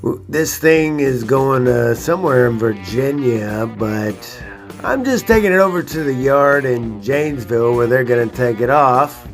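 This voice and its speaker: A man's voice: mid-range voice, expressive, a little slow, faint music behind. A man who drives trucks, talking in a casual, playful, joking way for his vlog. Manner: joking, playful, laughs easily.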